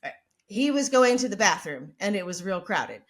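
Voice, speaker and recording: A woman's voice: medium pitch, big pitch swings, normal speed. A woman podcast host telling a story in a brash, chatty, profane way. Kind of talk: casual storytelling.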